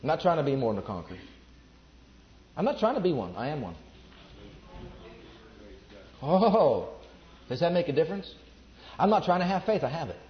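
A man's voice: on the high side, big pitch swings, moderate pace, long pauses. A man preaching a sermon to a congregation, emphatic and repeating his declarations. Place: church before a congregation. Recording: echoey, dull lo-fi recording.

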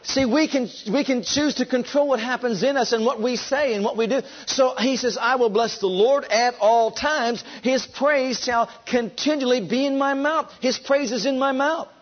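A man preaching a sermon with fervent, drawn-out emphasis, leading his congregation to repeat after him. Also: very high-pitched, dull audio. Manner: leads the congregation in call and response.

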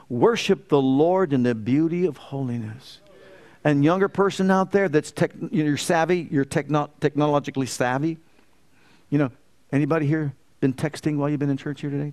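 Pastor, male, fairly high voice, preaching style with rhetorical questions and building emphasis. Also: brisk, darkish tone. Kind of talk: sermon.

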